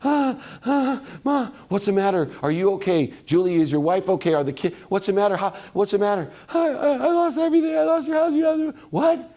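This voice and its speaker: A man's voice: sits high, brisk, few pauses, dark tone, voice pushed up. A man acting out his own past self as a grown man sobbing hysterically, with breathless, stammering cries.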